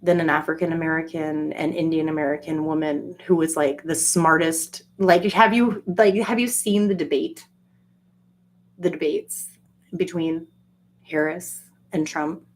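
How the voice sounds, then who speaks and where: A woman in a casual solo monologue, ranting profanely with lots of fillers and acting out quoted voices. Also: measured pace. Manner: profane, animated, jokey rants with frequent fillers; acts out quoted voices with jumps in pitch. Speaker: solo vlogger.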